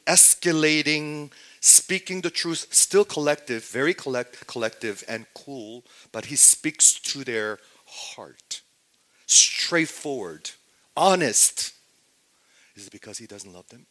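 A male preacher delivering a sermon with passion, swinging from loud exclamations to hushed, near-whispered lines. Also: a little high.

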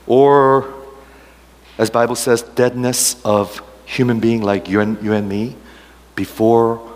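Man preaching in an echoing hall. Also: medium pitch. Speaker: pastor. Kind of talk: sermon.

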